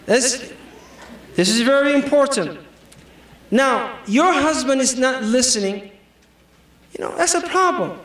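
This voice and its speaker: A man's voice: extremely high pitch, animated, a little slow, pauses often, fairly bright tone. A man with as his giving a humorous sermon, acting out quoted dialogue. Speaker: preacher. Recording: echoey hall, from far off.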